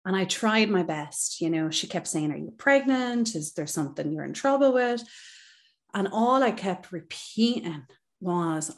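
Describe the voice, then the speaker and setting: Earnest woman, low voice. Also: expressive, unhurried. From Ireland. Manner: earnest, reflective, many "you know" fillers. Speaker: guest, psychotherapist. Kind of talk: podcast interview, personal story.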